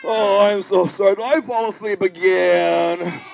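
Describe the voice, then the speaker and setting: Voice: medium pitch, steady tone, gravelly, lo-fi sound. A puppeteer doing a drowsy, apologetic zoo animal. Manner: slow, drowsy, keeps dozing off and apologizing. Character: sleepy, apologetic zoo animal kept awake all night. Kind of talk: live puppet show. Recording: noisy live room with children's crowd.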